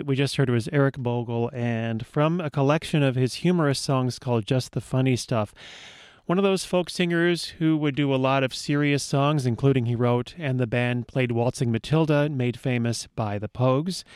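A man's voice: medium pitch, darkish tone, clean tone, no room sound, clean studio sound. A man hosting a radio show, chatting casually with wry asides between news items and songs.

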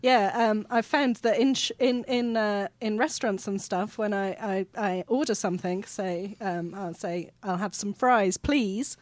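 A British woman chatting casually, polite and hesitant, with many pauses and fillers. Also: mid-range voice, fairly even intonation, no echo. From Britain. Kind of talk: casual chat.

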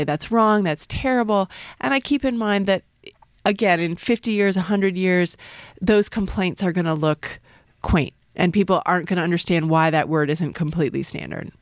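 A woman's voice: on the low side, no echo, studio quality. A middle-aged woman, a linguist, answering interview questions in a thoughtful, explanatory way, sometimes restarting her sentences. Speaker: linguist, usage panel member.

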